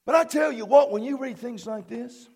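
A middle-aged man, a pastor, preaching an excitable sermon that swings between shouted declarations and hushed asides. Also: extremely high pitch, moderate pace, gravelly, breathy edge. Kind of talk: fervent sermon. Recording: long hall reverb.

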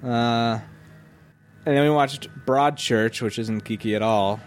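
A man's voice: medium pitch, slow pace, faint music behind. A man co-hosting a casual chat, joking dryly and laughing often. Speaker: podcast co-host.

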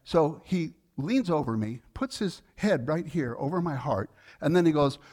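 A male pastor preaching a sermon in a conversational, earnest way, telling a personal story with fillers and restarts, and growing soft and quiet in tender moments. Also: expressive, moderate pace. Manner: softens and lowers his voice in tender moments.

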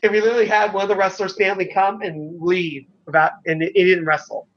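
A high-voiced middle-aged man spins loose, rambling stories, packed with fillers and casual swearing. The recording sounds dull and lo-fi, with the top end rolled off. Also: flat delivery, quick pace, a bit bright. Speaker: former pro wrestler, guest. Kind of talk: casual storytelling.

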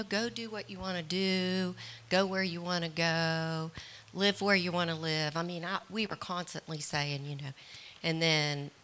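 A middle-aged mother on a parenting panel, telling a story in an animated way and acting out both her own lines and other people's. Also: on the low side.

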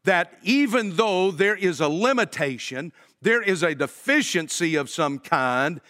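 Emphatic preacher in a reverberant church. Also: male voice, high-pitched, animated, measured pace. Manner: emphatic preaching, swinging from loud to hushed. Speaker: pastor. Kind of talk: sermon. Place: church sanctuary. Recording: long hall reverb.

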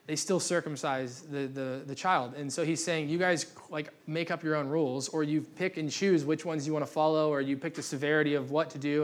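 Guy preaching sunday church, jokey and loose, voice a bit on the high side. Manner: casual, joking, restarts often. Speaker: pastor. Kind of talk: sermon. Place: church gathering.

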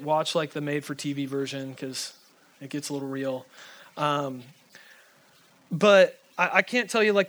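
Guy preaching, kinda high voice, super conversational, gets fired up then goes quiet and intense. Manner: conversational, heavy on fillers like "like"; impassioned, swinging between urgent and hushed. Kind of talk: sermon.

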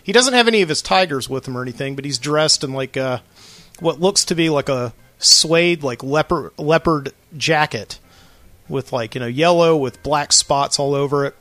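A man's voice: fairly high pitch, normal speed, a bit bright, dry recording. A man hosting a late-night solo podcast from a studio, telling a long rambling story with lots of fillers. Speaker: podcast host.

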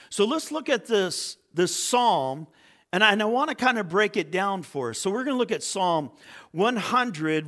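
A man's voice: sits high, fairly bright tone. A male pastor preaching a sermon in church, telling a joke story and reading scripture, with small stumbles and restarts.

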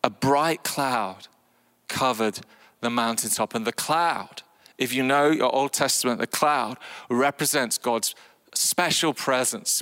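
Man preaching in a reverberant hall. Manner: animated, acts out voices with big pitch swings. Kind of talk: sermon.

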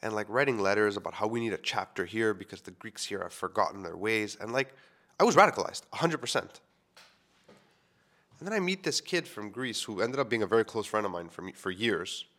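Podcast host, thirties, from Quebec; lowish, loose storyteller who rambles with fillers. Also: male voice, expressive, a little fast, fairly bright tone. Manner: casual, rambling, many "like" fillers. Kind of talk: personal storytelling.

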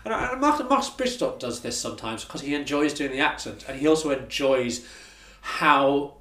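A man's voice: medium pitch, animated, normal speed, fairly bright tone, roomy sound. A man hosting a casual interview, chatty and digressive, with self-deprecating asides. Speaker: podcast host.

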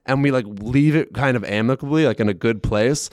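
A man in casual podcast chat, a rambling, animated storyteller who leans heavily on fillers. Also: medium pitch, fairly quick, dry recording, studio quality.

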